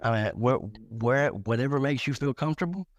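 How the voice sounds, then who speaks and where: A man's voice: mid-range voice, brisk. A middle-aged man telling crude, joking stories on a live talk show, rambling along with many restarts and repeated words.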